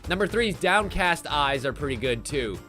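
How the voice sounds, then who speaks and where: A man commenting on a party game for a live stream audience, playful and sarcastic, his pitch swinging animatedly from phrase to phrase. His voice sits a little high, with faint game music underneath. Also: animated, moderate pace, bright, forceful tone.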